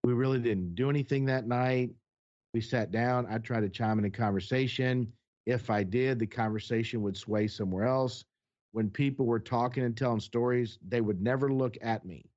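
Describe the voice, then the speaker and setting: A man's voice: mid-range voice, normal speed, a little mellow. A man telling a heated personal story in casual conversation, blunt and profane as he recounts what happened. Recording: dull lo-fi sound.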